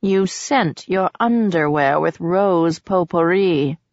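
Lady reading a creepy stalker guy, possessive, fast and wheedling, dull dry audiobook sound. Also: on the low side, darkish tone, no room sound. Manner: creepy and possessive, turning to snarling rage. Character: obsessive menacing male stalker client.

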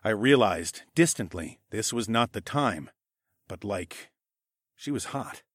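Wry, animated male audiobook narrator. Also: on the low side, slow pace, husky, dry recording, clean studio sound. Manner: wry, expressive, with shouted dialogue. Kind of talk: first-person audiobook narration.

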